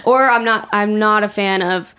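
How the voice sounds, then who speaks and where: A woman's voice: mid-range voice, moderate pace, a bit bright, clean tone. A woman in her twenties co-hosting a podcast in casual chat, talkative, swearing freely and laughing often as she acts out quotes. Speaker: podcast co-host.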